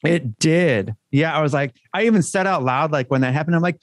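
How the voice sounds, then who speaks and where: A man's voice: a little high, brisk, few pauses, dry recording, studio quality. A man co-hosting a podcast in loose, joking banter, swearing freely as he chats. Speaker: podcast co-host.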